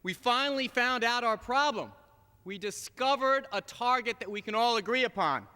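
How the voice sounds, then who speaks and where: A man's voice: very high-pitched, normal speed, pushed and bright, smooth, in a large hall. A man, a congressman, giving a sarcastic, mock-relieved floor speech in a legislative chamber.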